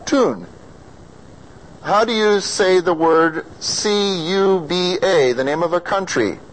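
An American man leads a classroom lesson on vowel sounds, speaking slowly in a fairly high voice. He patiently sounds out each vowel and draws answers from his students. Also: low-quality recording. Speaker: singing or diction teacher.

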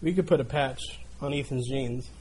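A man's voice: mid-range voice, normal speed, darkish tone, slightly rough. A man preaching a sermon, telling a story in an earnest way and building in volume as it goes. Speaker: pastor.

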